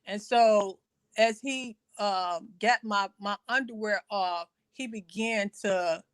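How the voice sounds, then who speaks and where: Halting woman telling a personal story. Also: medium pitch, fairly bright tone, dry recording. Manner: halting, full of fillers and repeated phrases; quotes others in a raised voice. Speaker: guest sharing her testimony. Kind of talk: personal testimony, story told in conversation.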